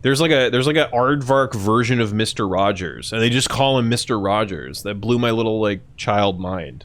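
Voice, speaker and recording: A young man with a fairly low voice hosts a live stream, chatting loosely and profanely. His delivery swings widely in pitch and often jumps into shrill mock voices. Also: animated, normal speed, few pauses, a bit bright. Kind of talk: casual chat answering chat.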